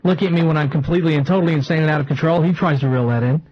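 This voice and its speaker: A man hosting a live talk radio show from a small studio, rambling and excitable, often restarting his sentences. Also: a little high, very fast. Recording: lo-fi radio broadcast.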